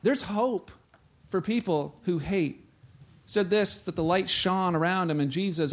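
A pastor preaching a sermon in a conversational, animated way, speaking straight to his congregation. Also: high voice, a little slow.

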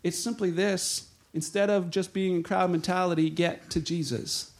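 A man preaching a sermon, conversational and animated, retelling stories with voiced quotes. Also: high voice, moderate pace.

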